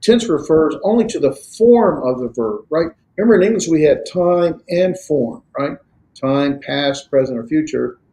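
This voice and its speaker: A man's voice: fairly high pitch, expressive, moderate pace, dark tone. Man lecturing in a casual classroom. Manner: conversational, checks understanding with "right?"; dry sarcastic asides. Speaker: Greek grammar teacher.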